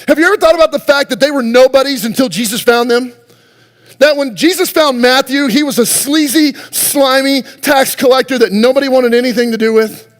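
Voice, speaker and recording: A man's voice: extremely high pitch, in a large hall. A man preaching a sermon as pastor, talking conversationally and firing rhetorical questions at the congregation. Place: church sanctuary.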